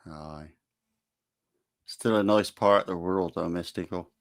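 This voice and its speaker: A man's voice: deep voice, measured pace, vocal fry, no echo. A man chatting casually on a stream in a laid-back, dry, teasing way. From not from Cornwall. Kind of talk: casual chat.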